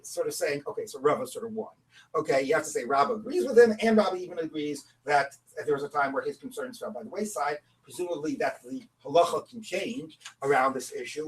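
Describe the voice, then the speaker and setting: A man teaching a Talmud class, explaining in a lively, conversational way and asking rhetorical questions of the students. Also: on the high side, recorded from a distance, rough recording.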